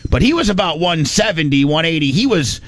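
A man's voice: a little high, sing-song, a little fast, a bit bright, no room sound. A man from Indiana telling a rambling, folksy story in casual chat, slipping into voices for the people he quotes.

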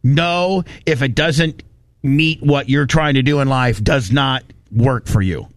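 A man hosting a talk radio show, telling a story in a lively, ranting way and swearing now and then, recorded in a studio. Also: medium pitch, measured pace, no echo. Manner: animated storytelling, ranting, profane. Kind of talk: casual studio chat.

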